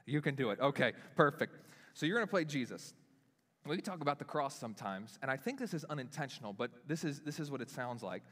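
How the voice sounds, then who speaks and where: A young adult male pastor preaching a sermon, staging a live demonstration with volunteers, animated and self-deprecating in a casual way. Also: brisk. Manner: animated, self-deprecating, talks with lively pitch swings. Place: church hall. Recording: long reverb of a church hall.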